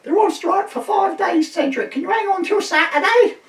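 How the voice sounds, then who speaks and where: A man voicing a flustered elderly woman on the phone, shrill and fussing. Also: normal speed. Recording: roomy, distant mic, faint hiss.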